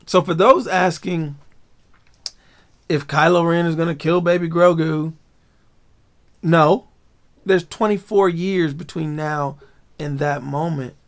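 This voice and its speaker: A man hosting a casual, animated episode breakdown, full of slang and laughter. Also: a little high, slow pace, pauses often. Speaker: show recap host.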